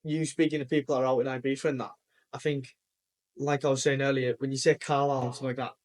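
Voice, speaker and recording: A man's voice: medium pitch, flat delivery, quick pace. A young man telling casual anecdotes in podcast chat, with the odd swear.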